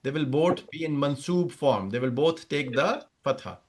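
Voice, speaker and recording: A man's voice: fairly high pitch, expressive, moderate pace, a little mellow. A man teaching a grammar class over a video call, explaining step by step, repeating examples and checking that students follow. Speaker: Arabic teacher. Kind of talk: online class lecture.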